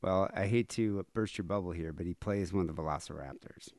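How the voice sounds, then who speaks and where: A man's voice: deep voice, a little fast, darkish tone, no room sound, studio quality. A man co-hosting a podcast, chatting casually in a rambling, crude, joking way. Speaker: podcast co-host. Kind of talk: casual chat.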